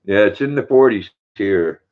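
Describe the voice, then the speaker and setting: A man's voice: lowish voice, expressive, normal speed. An older man hosting a casual livestream, chatting easily, reading viewer comments aloud and cooing to his dog. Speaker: livestream host. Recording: tinny phone-like sound.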